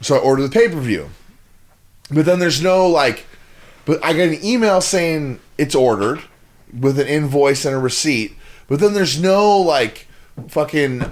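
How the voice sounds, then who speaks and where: A man's voice: fairly high pitch, expressive, measured pace. A man co-hosting a podcast, telling a long exasperated story in casual, profane chat with lots of rambling restarts. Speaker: podcast co-host.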